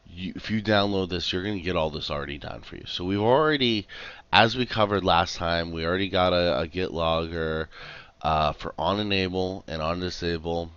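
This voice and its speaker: A man's voice: low-pitched, a bit bright, clean tone, muffled recording. A man running a casual live coding tutorial over a headset mic, chatty and rambling, with lots of fillers and restarts. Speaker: livestream programming tutor.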